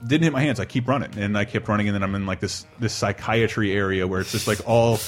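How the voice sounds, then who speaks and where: A man in his thirties casually telling a long personal story on a podcast, animated and laughing, acting out quotes in a high voice. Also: fast, soft background music. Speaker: podcast co-host.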